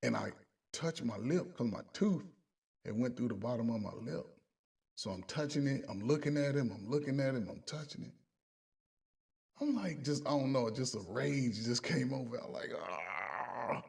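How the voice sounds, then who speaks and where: A man's voice: mid-range voice, normal speed, vocal fry, darkish tone, slightly rough, distant mic. A middle-aged man, a coach, telling a story from his army days in casual talk, acting out the voices and sound effects.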